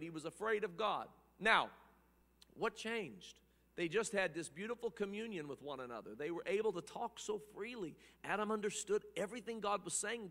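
A man preaching a sermon, swinging between hushed passages and loud, impassioned ones, often repeating words as he builds. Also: high-pitched, in a large hall.

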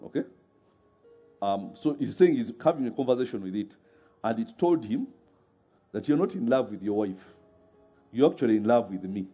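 A man's voice: mid-range voice, lively intonation, normal speed, long pauses, warm tone, breathy edge. A man preaching a sermon, often laughing and firing rhetorical questions at his audience. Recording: muffled recording with faint music.

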